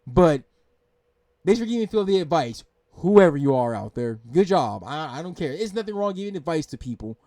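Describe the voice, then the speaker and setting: A man's voice: fairly high pitch, big pitch swings, moderate pace, mellow, no room sound, clean studio sound. A man hosting a reaction video, ranting in exasperation, swearing and repeating himself. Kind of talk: angry rant commentary.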